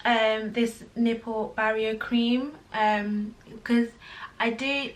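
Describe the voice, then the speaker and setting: A woman's voice: medium pitch, a bit bright, recorded from a distance. Chatty young woman vlogging at home. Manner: chatty and candid, full of "like", talks to viewers as "guys". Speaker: vlogger, first-time mother. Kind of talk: casual chat to camera. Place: home room. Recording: voice a little off-mic, faint music behind.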